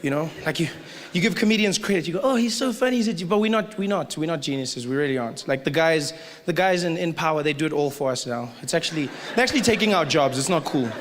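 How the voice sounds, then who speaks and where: A man from South Africa doing an animated stand-up comedy set before a live crowd. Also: a little high, quick pace. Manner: animated, acts out voices. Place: large live venue with audience. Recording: live hall with audience noise.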